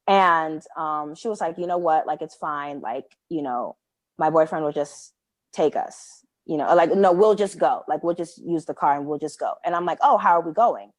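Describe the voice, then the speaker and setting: A young adult woman co-hosting a podcast, telling a story in casual chat, animated and full of "like" fillers as she acts out what people said. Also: sits low, moderate pace, no room sound. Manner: animated, many "like" fillers, acts out quoted dialogue. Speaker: podcast co-host.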